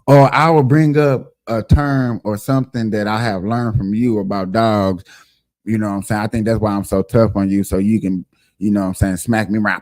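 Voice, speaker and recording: A man's voice: lowish voice, moderate pace, a little mellow, dry recording, studio quality. A man hosting a casual livestream show, talking emphatically and directly to his viewers.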